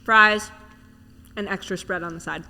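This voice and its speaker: A woman's voice: medium pitch, steady tone, bright, forceful tone. Playful young woman guest, chatty. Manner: upbeat, playful, quick to laugh. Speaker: guest, author and actress. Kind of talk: casual interview chat. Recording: long reverb.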